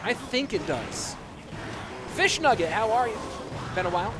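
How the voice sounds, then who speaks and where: Amid background noise, a man with a high-pitched, expressive voice casts a live gaming tournament at a moderate pace in an American accent. Chatty between plays, he reads viewers' chat and replies to it.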